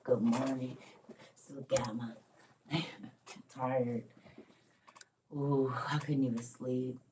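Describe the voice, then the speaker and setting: Tired grandma chatting to her vlog viewers, low voice, kinda far from the mic, says y'all and honey a lot. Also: steady tone, extremely slow, noisy background. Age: older. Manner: chatty storytelling, Southern Black vernacular, calls viewers y'all and honey. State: tired and weak. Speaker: vlogger. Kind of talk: casual morning vlog chat.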